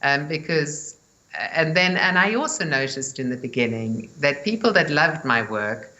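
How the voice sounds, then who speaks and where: A woman with a light English-speaking South African accent, speaking in a measured, earnest way as a spiritual teacher being interviewed. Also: sits low, animated, sharp tone, low-quality recording. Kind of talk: interview guest, spiritual talk.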